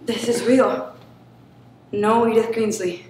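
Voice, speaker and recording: An acting student performing a guarded young con woman who talks low and firm, with halting restarts. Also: slight background noise, close to an everyday voice. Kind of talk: scene performance for camera. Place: acting studio room. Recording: very echoey room.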